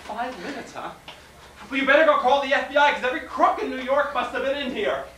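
A woman acting the part of an exasperated, incredulous husband who yells and blusters after a burglary, in a class scene. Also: high-pitched, fast talker. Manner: blustering, incredulous, yelling outbursts. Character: exasperated middle-aged husband, loud and blustering. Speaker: acting student. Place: classroom stage. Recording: roomy and distant, faint noise.

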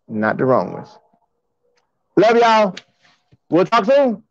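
A man hosting a track and field show, talking to his fans in an excited, slangy, repetitive way on a livestream. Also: sits high, takes it slowly, no room sound, muffled recording. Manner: hyped, hollering, slangy and repetitive.

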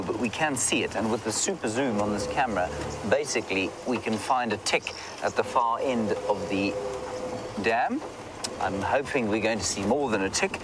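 Male safari guide hosting a live drive, chatty and playful with viewers, outdoor vehicle noise behind him. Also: medium pitch. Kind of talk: live commentary to online viewers. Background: vehicle and outdoor ambience.

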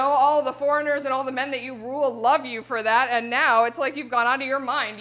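Woman playing a fierce grieving queen, loud. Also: on the high side. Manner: shouting, scolding, raw with grief.

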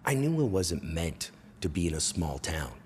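Deep-voiced Canadian man telling crude stories. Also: moderate pace, a little hiss or hum. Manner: animated, crude, bursts into loud impressions and yells. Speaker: comedian host. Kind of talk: comedic storytelling monologue.

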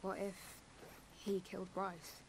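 A woman voicing a calm, reflective teenage girl narrating a drama series, measured in delivery. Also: mid-range voice, low-quality recording. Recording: TV clip with ambience noise.

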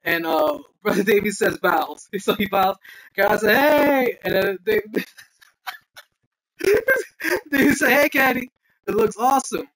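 A man's voice: high voice, lively intonation, measured pace, a bit bright, low-quality recording. A man hosting a casual gaming livestream, reading chat aloud, laughing often and blessing viewers in churchy phrases.

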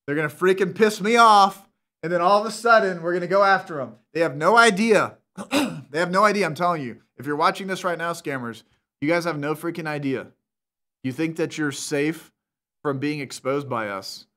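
Man host, slightly high voice, taunting and fired up, shouty bursts. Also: a little fast. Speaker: scam-baiting host. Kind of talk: casual streamer talk.

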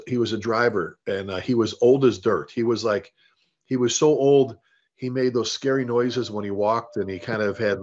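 Animated man telling stories. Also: medium pitch. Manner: animated storyteller, acts out quoted dialogue, frequent restarts. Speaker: fire service leader and author, interview guest. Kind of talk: conversational storytelling. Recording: dull lo-fi interview audio.

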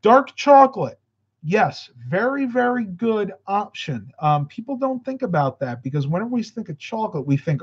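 A tired, slightly winded man talks casually on a live stream. He rambles from one viewer comment to the next in an easygoing way. His voice sits a bit high, and the audio is dull and lo-fi. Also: lively intonation, moderate pace, breathy edge. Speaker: vlogger answering live chat. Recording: muffled lo-fi audio.

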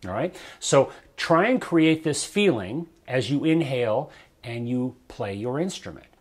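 A man teaching a breath-control exercise for brass players in a relaxed, conversational way, often checking in with the listener. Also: medium pitch, a little slow. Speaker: trombone coach. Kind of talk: instructional video talk. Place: his studio.

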